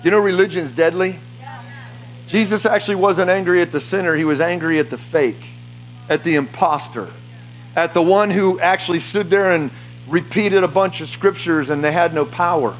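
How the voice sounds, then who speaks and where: A man preaching a charismatic sermon to a congregation in a church, fervent, breaking into shouts and laughter. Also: high voice, moderate pace. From United States. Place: church meeting before a congregation.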